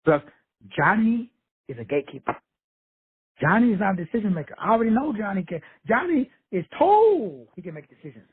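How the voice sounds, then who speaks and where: A man's voice: sits high, very animated, brisk, slightly rough. A middle-aged man giving a blunt, profane, streetwise motivational talk over a call. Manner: profane, brash, streetwise preaching. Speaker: motivational teacher. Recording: phone-line call audio.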